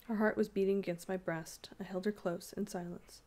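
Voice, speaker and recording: A woman narrating a classic ghost story aloud in a steady, measured way. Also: medium pitch.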